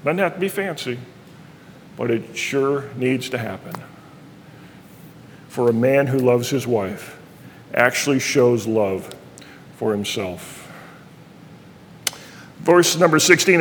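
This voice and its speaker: A middle-aged man with a high voice preaches an earnest sermon, reading verses aloud and explaining them. His voice rings out with a long reverb in a church hall. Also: bright, forceful tone. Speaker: pastor.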